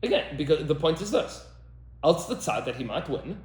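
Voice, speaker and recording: Emphatic rabbi, lively pitch. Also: male voice, moderate pace, reverberant. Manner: emphatic, repeats lines for effect, mixes in Hebrew terms. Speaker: rabbi and teacher. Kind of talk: animated podcast discussion.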